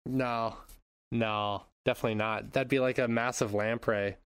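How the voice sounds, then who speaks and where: A man's voice: mid-range voice, steady tone, moderate pace, smooth, no echo, studio quality. A young man hosting a casual podcast who laughs often, rambles, and swears while recapping an episode. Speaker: podcast host.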